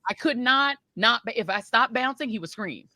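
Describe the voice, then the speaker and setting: A woman's voice: a little high, animated, moderate pace, crowd noise. A middle-aged woman hosting a podcast, telling a story casually and animatedly, often laughing and acting out voices. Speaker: podcast host.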